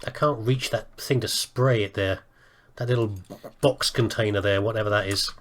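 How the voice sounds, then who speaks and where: A man's voice: lowish voice, steady tone, normal speed. A man giving casual let's-play commentary, rambling and thinking aloud with self-mocking asides. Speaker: gaming video host.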